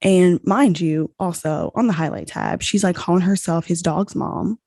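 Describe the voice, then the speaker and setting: A young woman hosting a podcast, telling a story in a casual, animated way and saying "like" a lot. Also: on the low side, normal speed, dry recording. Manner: animated, heavy use of "like", acts out quoted dialogue. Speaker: podcast host.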